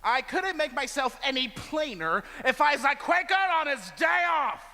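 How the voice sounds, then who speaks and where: A man's voice: very high-pitched, sing-song, moderate pace, music in the background. A man playing a pompous, blustering small-town mayor in a stage musical, sputtering and officious. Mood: indignant. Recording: stage with long hall reverb.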